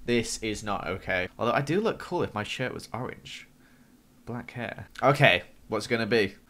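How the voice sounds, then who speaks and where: Bright, excitable young gamer. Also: male voice, medium pitch, moderate pace. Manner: jumpy, squeals and gasps when startled. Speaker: gaming YouTuber. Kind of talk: excitable let's-play commentary.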